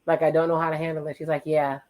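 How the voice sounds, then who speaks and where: A host giving casual watch-along commentary on a reality show, teasing and recapping the couples' dialogue in quick playful asides. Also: mid-range voice, little pitch movement, a little mellow, poor audio.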